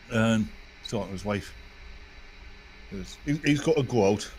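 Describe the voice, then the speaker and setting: A man telling long crude jokes in casual chat on an online call, rambling and animated. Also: mid-range voice, normal speed, long pauses, slight background noise. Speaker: podcast co-host.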